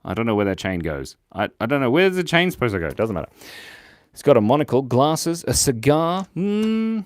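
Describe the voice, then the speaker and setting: Casting: playful male streamer, lively pitch, dry close mic, giggly chat-reader. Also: a little fast, no echo. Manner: playful, reads chat comments aloud, giggles often. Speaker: livestream host drawing with chat. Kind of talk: casual live-stream chat.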